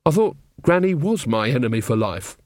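A man voicing a prim, earnest young queen who speaks slowly and formally. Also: mid-range voice, very animated, a little mellow, dry recording, clean studio sound, lightly acted. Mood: anxious.

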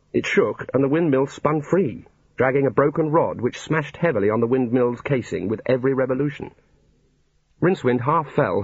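A man's voice: mid-range voice, breathy edge, no echo. A man narrating a comic fantasy novel in a dry storytelling manner. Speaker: audiobook narrator. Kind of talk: scripted narration. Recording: dull lo-fi recording.

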